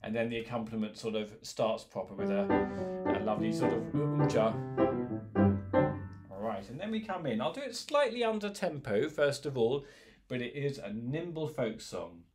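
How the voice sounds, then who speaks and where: A man leading a choir rehearsal, gently giving instructions, counting in and singing short lines for the singers to repeat. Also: medium pitch, animated, normal speed, loud music behind the voice. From England. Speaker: choir leader. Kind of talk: online choir rehearsal, call and response.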